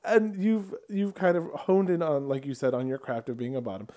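A man's voice: on the high side, animated, a little fast, mellow. A man co-hosting a podcast in casual chat, teasing his co-host and laughing often.

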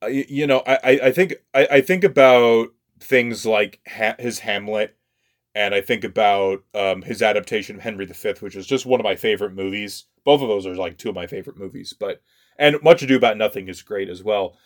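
A man co-hosting a casual chat, animated and full of stammering restarts. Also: on the low side, fairly quick.

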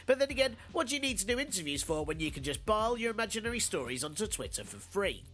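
Man, stuffed-up nasal voice, cold, sardonic podcast host, slightly high pitch. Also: fast, faint music behind. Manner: sardonic, deadpan jokes with fillers. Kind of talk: satirical news monologue and casual chat.

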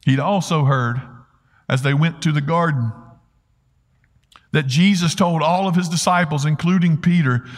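A man's voice: a little high, moderate pace, long pauses. A man preaching a sermon, earnestly retelling a story and asking rhetorical questions. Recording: long hall reverb.

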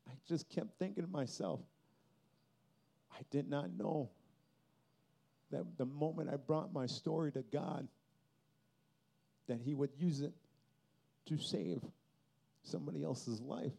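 A man's voice: on the high side, slow pace, vocal fry, long pauses, mellow. A man giving a personal testimony at a Christian youth festival, telling his story earnestly and with feeling.

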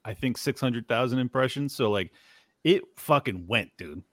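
A man's voice: mid-range voice, animated, moderate pace, a bit bright, no room sound. Blunt, swearing man, dry close sound. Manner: blunt, emphatic, profane. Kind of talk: casual podcast chat.

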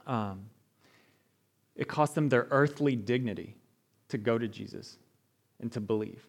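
This pastor speaks in a mid-range, creaky voice at a measured pace, pausing often. His sermon is conversational, punctuated by frequent "right?" questions to the room and lively impersonations of the story's characters.

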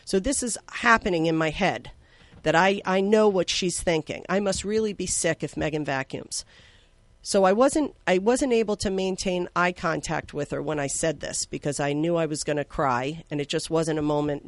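A woman's voice: low-pitched, no echo. Woman guest, emotional storyteller, lots of fillers, dry close sound. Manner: heartfelt, emotional, with many fillers; swings from slow and soft to loud and excited. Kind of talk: personal storytelling.

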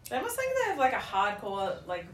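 A woman's voice: on the high side, huge pitch swings, brisk, distant mic. A young woman co-hosting a podcast in a casual watch-along chat, offering dry, wry commentary. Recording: roomy, off-mic, faint hiss.

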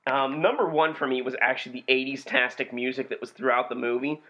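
A young man co-hosting a podcast, chatting casually with an animated, profane delivery. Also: mid-range voice, fast. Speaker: podcast co-host reviewing B movies. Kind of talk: casual chat. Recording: dull lo-fi podcast recording.

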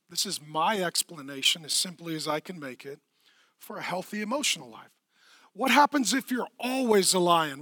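Middle-aged preacher guy, dry close mic, swings from quiet to yelling, joking around. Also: high voice, dry recording. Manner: swings from hushed to shouting, playful. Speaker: pastor. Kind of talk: energetic comedic sermon. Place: church.

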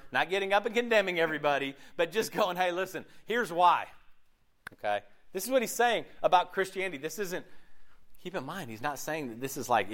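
A man's high, lively voice carries a sermon, rising and dipping all the time. He laughs easily and acts out short bits of dialogue as he goes. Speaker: pastor. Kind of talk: sermon with group discussion.

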